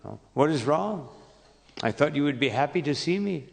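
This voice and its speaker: A preacher voicing a gentle male god asking soft, puzzled questions, in a gravelly, creaky tone that rings out with a long reverb through a large temple hall. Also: fairly high pitch, lively intonation, normal speed. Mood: coaxing.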